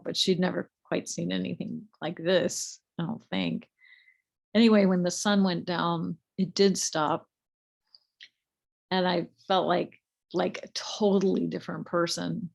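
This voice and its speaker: A middle-aged woman slowly telling a personal spiritual story, halting, with many fillers and restarts. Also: fairly low pitch, creaky. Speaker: group leader telling her spiritual story.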